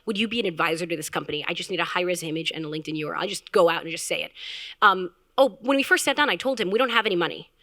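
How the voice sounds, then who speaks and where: A woman founder giving a candid, animated storytelling talk at a live event, acting out quotes with filler words. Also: lowish voice, rapid-fire. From Canada. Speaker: health tech founder, speaker.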